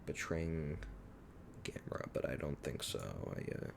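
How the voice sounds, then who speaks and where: A man's voice: extremely low pitch, little pitch movement, a little slow. A man giving a rambling, self-deprecating director's commentary on his own fan series, often unsure of himself.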